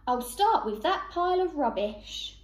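A woman's voice: sits high, expressive, unhurried, roomy sound, voice pushed up. A woman doing an eager little rabbit boy. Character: eager young male rabbit, chirpy.

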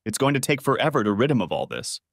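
A man's voice: medium pitch, big pitch swings, fast, no room sound, studio quality. A man reading an audiobook, voicing a brash, betrayed wife who talks bluntly and mockingly. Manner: blunt, foul-mouthed, mocking. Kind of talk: audiobook character voice.

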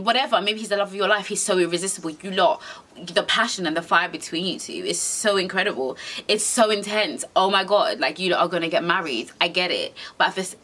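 A young woman vlogger talks straight to camera in a sassy, slang-heavy rant. Her voice is bright and swings widely up and down as she gets worked up. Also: lowish voice.

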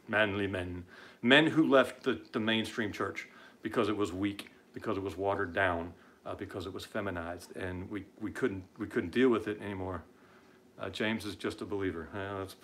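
A man's voice: lowish voice, a bit bright. A man hosting an online show, talking in casual live-stream commentary with many "uh"s and stammering restarts, blunt and combative.

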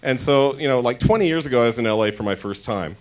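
Man, stand-up comedian, chatty, crude, handheld mic, club stage, mid-pitched voice. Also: expressive, fast. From Denver. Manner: chatty, self-interrupting, crude punchlines.

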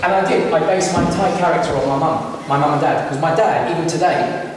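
A man's voice: fairly high pitch, fairly quick, few pauses, slight background noise. Chatty man telling stories in a hall. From Britain. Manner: chatty, asks the audience questions. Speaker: entertainer speaking to young people. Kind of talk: storytelling talk to a live audience. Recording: echoey hall from far off.

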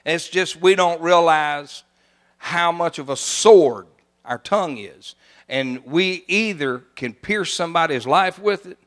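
High-voiced preacher, folksy and fiery. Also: male voice. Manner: folksy, swings from soft asides to loud cries, slows for scripture. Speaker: pastor. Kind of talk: sermon. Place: church sanctuary.

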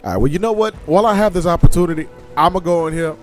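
A man, commentating his co-op stealth game casually, excitable and joking, teasing his partner. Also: fairly high pitch, racing, soft background music. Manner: excitable, jokey, trash-talks his partner, bursts into loud laughs. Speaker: gaming channel host.

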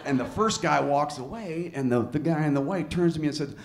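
A man's voice: fairly high pitch, a little fast, gravelly, a faint crowd. Profane male stand-up storyteller. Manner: profane storytelling, acting out both sides. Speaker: stand-up comedian. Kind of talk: stand-up comedy set. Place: comedy club stage. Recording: live club recording with audience laughter.

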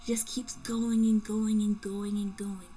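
A woman's voice: medium pitch, level tone, a little slow, warm tone, slight background noise, close to an everyday voice, rough recording. A woman reading aloud the love letters of a possessive young man, with mock drama.

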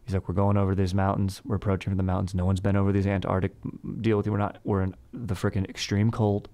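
A man's voice: deep voice, monotone, quick pace, mellow. A man casually retelling a history story in bro slang, rambling and laid-back with lots of fillers. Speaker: podcast host.

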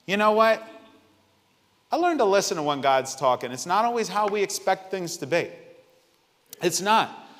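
A man preaching a sermon, telling a personal story in an animated way and acting out the people in it. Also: high voice, normal speed, pauses often, long reverb tail. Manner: animated storytelling, voices quoted people, exclaims. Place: church sanctuary.

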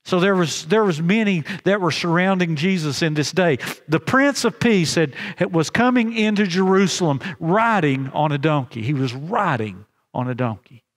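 A pastor preaches in a fairly high voice, earnest and halting, often restarting phrases and slowing to stress key lines. His intonation is lively, and the long reverb of a chapel surrounds the sound.

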